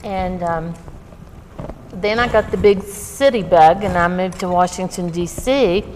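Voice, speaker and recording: A woman's voice: on the low side, a little slow, a little mellow. Earnest woman guest. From West Virginia. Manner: earnest, reflective, with frequent "um" and "you know". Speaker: dinner guest. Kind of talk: casual chat over a dinner table. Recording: reverberant room with some background noise.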